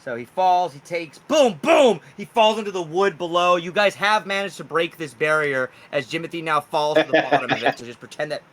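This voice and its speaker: A man narrating a homebrew tabletop game as game master, in a loose, animated way with many "like"s. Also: on the high side, fairly quick, few pauses.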